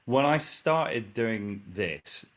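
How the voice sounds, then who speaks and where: A man with a very low voice and an English accent tells stories in a rambling, self-correcting way. He drops casual swears as he chats through an interview. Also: expressive, extremely slow. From England. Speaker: guest musician.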